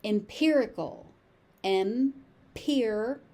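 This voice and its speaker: A woman with a General American accent teaching pronunciation, saying each word slowly, sometimes syllable by syllable. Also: a little high, mellow. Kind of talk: slow, deliberate pronunciation lesson.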